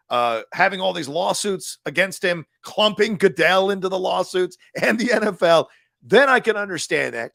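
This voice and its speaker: A man's voice: high voice, vocal fry, no echo. A man riffs on football games with a lot of swing in his voice and cusses freely. He sounds close to the mic in a dry, dead room, and he laughs a lot as he talks. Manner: animated, profane, laughs often. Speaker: sports podcast co-host. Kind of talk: casual sports talk.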